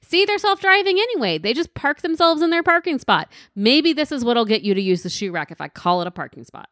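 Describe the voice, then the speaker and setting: A woman in her thirties co-hosting a casual podcast, animated and teasing, her pitch swooping up. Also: a little fast, dry recording, studio quality. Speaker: podcast co-host. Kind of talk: casual chat.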